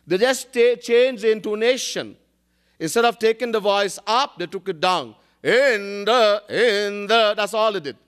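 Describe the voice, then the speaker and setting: A man's voice: high-pitched, clean tone. A man, a spiritual teacher giving a devotional discourse, telling stories, chanting Sanskrit verses and often laughing.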